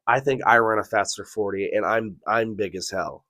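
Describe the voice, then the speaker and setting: Low-voiced man telling a wild story. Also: moderate pace, no room sound. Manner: profane, animated storytelling with acted-out quotes. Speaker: podcast co-host. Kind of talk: casual storytelling.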